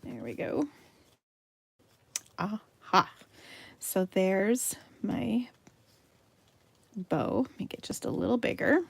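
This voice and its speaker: A chatty, giggly American woman hosting a live card-making demo, talking to viewers and murmuring softly while she works. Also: medium pitch, takes it slowly, gravelly, pauses often, slightly rough. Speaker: craft livestream host.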